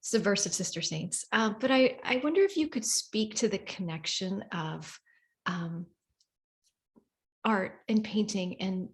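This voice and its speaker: A woman hosting an interview, talking reflectively with hesitant pauses and fillers. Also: medium pitch, animated. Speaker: podcast host. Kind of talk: conversational interview.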